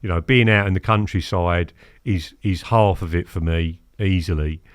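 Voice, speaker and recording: A man in his fifties, telling stories as a podcast guest in a lively, chatty way, acting out what people said. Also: low-pitched, moderate pace, no room sound, studio quality. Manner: animated, acts out quotes, keeps asking "do you know what I mean?". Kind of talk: casual storytelling interview.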